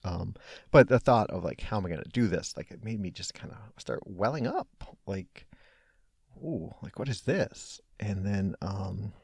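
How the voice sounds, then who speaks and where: A man hosting a solo podcast, talking in a hesitant, reflective way with lots of fillers and restarts, soft-spoken and low-key. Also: normal speed, creaky, husky, no echo, clean studio sound. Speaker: podcast host. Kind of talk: casual solo podcast monologue.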